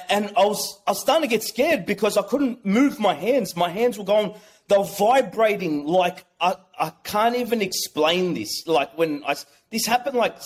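A man telling a personal story as an interview guest, excitable and rambling, with many restarts. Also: high-pitched. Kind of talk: casual storytelling.

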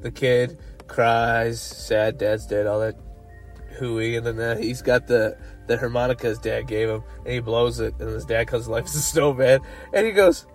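Animated Canadian man, casual podcast co-host who laughs often, faint music under his voice. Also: mid-range voice, moderate pace. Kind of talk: casual chat.

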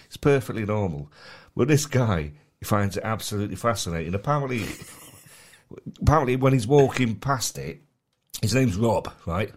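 A man co-hosting a podcast, chatting and bantering in a lively way. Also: on the low side, moderate pace. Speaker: podcast co-host. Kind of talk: casual chat.

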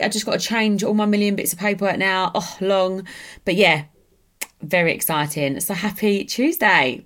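A woman's voice: medium pitch, normal speed, a bit bright. A young woman, chatting casually and rambling with lots of fillers as a podcast host. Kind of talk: casual solo chat.

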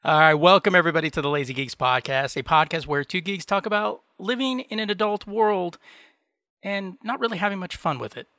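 A man's voice: high-pitched, brisk, sharp tone, no echo, studio quality. A man co-hosting a podcast, riffing playfully and laughing in casual chat. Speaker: podcast co-host.

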